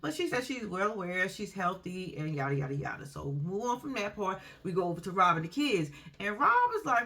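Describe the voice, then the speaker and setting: A lively woman talks through a reality show episode in a loose, gossipy recap. Her pitch swings widely as she acts out the people in the show. Her voice is bright and forward, and her delivery is blunt and full of laughs. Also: a little fast, hardly any pauses. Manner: animated, laughing, slangy and blunt. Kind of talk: casual TV recap commentary.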